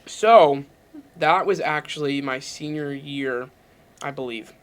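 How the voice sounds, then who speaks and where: A man in his twenties, a guest on a hot wing interview, joking about himself while talking through bites of spicy food. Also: fairly high pitch. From Pennsylvania, USA. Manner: joking, self-mocking, quick asides. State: eating spicy wings, talking while chewing. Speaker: interview guest, university staff. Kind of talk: casual chat over a hot wing challenge.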